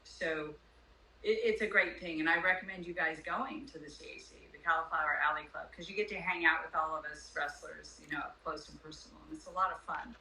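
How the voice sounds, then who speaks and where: An older woman, a former pro wrestler and podcast guest, telling stories in animated casual chat. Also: low voice, a little fast. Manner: animated storyteller. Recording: echoey room, distant mic, faint noise.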